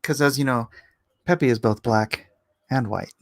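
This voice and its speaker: A man's voice: mid-range voice, measured pace. Rambling joking male stream host. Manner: rambling, joking, breaks into goofy cartoon impressions. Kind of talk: casual live-stream commentary.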